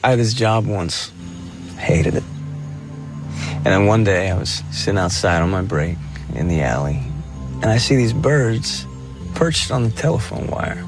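An actor playing a brooding young man in a film, musing slowly in voice-over. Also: fairly low pitch, expressive, music in the background. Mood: reflective. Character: brooding young man recalling a dull job. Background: film score.

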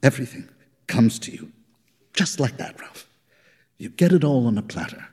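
A man's voice: medium pitch, sing-song, normal speed, mellow, breathy edge. Man playing a resentful, pleading caller, live reading with long hall reverb. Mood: bitter. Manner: bitter, pleading. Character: bitter, resentful man on the phone.

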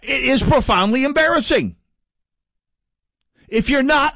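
Sardonic North Dakota-born radio host. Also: male voice, medium pitch, moderate pace, no room sound, studio quality. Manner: sardonic, mocking, lively. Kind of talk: political talk radio monologue.

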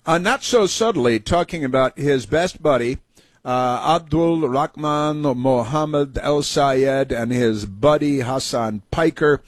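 A husky-voiced man hosts a talk show, riffing through a sarcastic and indignant monologue. His voice sounds dry and close, with no room around it, and he keeps scoffing at what he describes. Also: medium pitch, slow, dry recording. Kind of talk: opinionated talk radio monologue.

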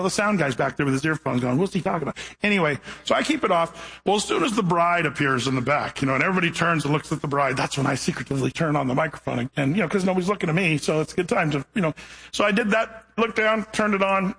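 A middle-aged or older male pastor preaching a sermon in a chatty, animated way, full of asides, acting out the people in his stories. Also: fairly high pitch, vocal fry, breathy edge, rough recording. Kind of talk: storytelling sermon.

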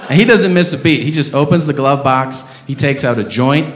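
A man doing a stand-up comedy set on a club stage, profane and prone to loud ranting bursts. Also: medium pitch, brisk, hardly any pauses. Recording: roomy club sound with noise.

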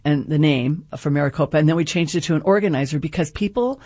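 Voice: medium pitch, fast talker, darkish tone, no room sound, studio quality. A radio guest and group organizer explaining ideas earnestly, often checking in with the listener. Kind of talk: explanatory radio interview talk.

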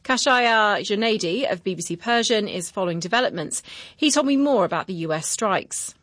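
A female news presenter reading headlines and questioning a correspondent in a clear, formal way. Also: mid-range voice, lively intonation, normal speed, fairly bright tone, no echo, studio quality.

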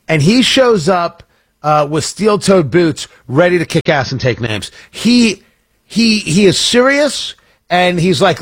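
A man's voice: on the high side, husky, no room sound. A man hosting a morning radio talk show in a casual, rambling, joking way. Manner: rambling, self-interrupting, jokey.

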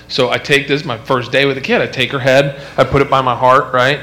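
A young man tells a stand-up story in a rambling, filler-heavy way, speaking at a middle pitch. He is recorded live in a comedy club with clear background noise. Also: fairly even intonation, normal speed, pushed and bright.

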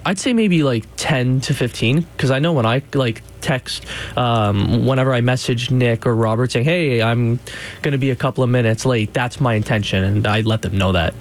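A man's voice: medium pitch, moderate pace. Easygoing radio co-host man. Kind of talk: casual studio chat.

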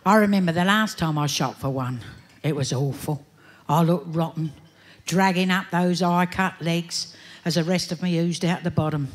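A woman's voice: lowish voice, normal speed, slight background noise. An Australian woman recites a comic rhyming poem, with broad, self-mocking delivery and a sing-song rhythm. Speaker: bush poet.

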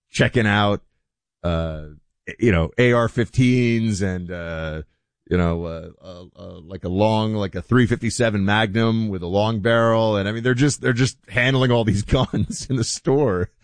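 A man hosting a talk show, chatting in an animated, conversational way with plenty of asides. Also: lowish voice, unhurried, no echo. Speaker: show host. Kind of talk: opinion talk show commentary.

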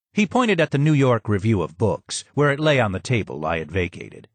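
A man narrating a memoir audiobook in an expressive reading with strong emphasis. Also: fairly low pitch, brisk, few pauses, dry recording.

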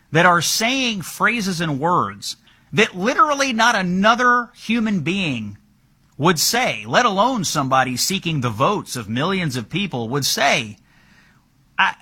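A man's voice: a little high, bright, forceful tone, breathy edge. A man hosting a political talk show, asking incredulous, mocking questions with emphasis. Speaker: host.

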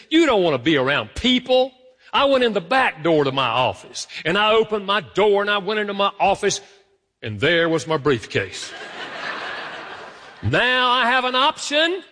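A man preaching a sermon, his voice bright and forceful. He swings from loud, stressed lines to slow, soft asides. The words ring out with long reverb in a large hall. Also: sits high. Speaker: pastor.

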